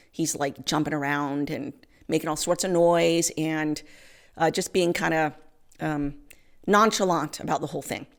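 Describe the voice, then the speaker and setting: Earnest woman telling a personal story. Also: on the low side. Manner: earnest, candid, with frequent soft laughs. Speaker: show host.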